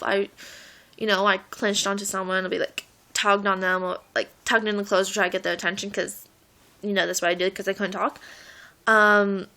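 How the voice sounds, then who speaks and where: A late-teen woman with a mid-range voice and a bright, forceful tone tells stories in a casual vlog. She rambles and giggles, laughing often as she talks.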